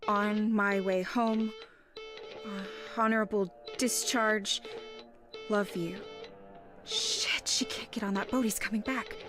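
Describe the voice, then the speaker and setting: An actress voicing a resourceful blind young woman who thinks aloud in a hushed voice in a video game. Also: medium pitch, fairly even intonation, takes it slowly, pauses often, close to an everyday voice. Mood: urgent. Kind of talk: video game voice acting, quiet inner monologue. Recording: game audio under music.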